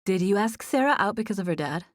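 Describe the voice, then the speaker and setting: A woman voicing an excitable, nosy young woman friend, eager and teasing. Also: medium pitch, fast, no room sound, clean studio sound, close to an everyday voice. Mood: excited. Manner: bright, eager, smirking.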